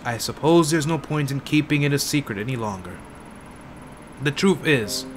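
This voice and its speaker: Man reading a grieving older woman in a game, tired husky voice, somber and slow. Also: a little high, a bit bright, slight background noise. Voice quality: tired, husky put-on old lady voice. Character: weary older woman, grieving former cult member.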